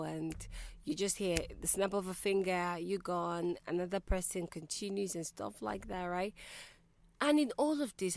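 A woman hosting a call-in radio show, talking in a reflective, conversational way and putting questions to her listeners. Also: lowish voice.

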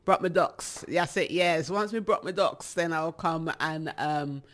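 A woman with a British accent, chatting casually to her viewers as a rambling, animated storyteller. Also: low voice, unhurried. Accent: British English. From England. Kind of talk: casual chat.

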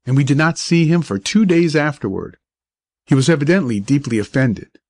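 A man narrating an old-fashioned story in a measured storybook reading. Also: a little high, lively intonation, a little mellow, no room sound.

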